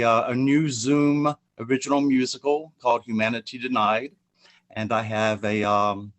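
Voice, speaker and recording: A man's voice: mid-range voice, fairly bright tone. A man, a poet and spoken word artist, introducing himself and then performing a dramatic spoken word piece over a video call.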